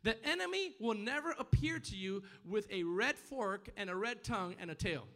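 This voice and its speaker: A man's voice: high-pitched, lively intonation, normal speed, few pauses, a bit bright. A man preaching a sermon, reading scripture aloud and breaking off to explain it, with emphatic repeated words and calls for the congregation to answer.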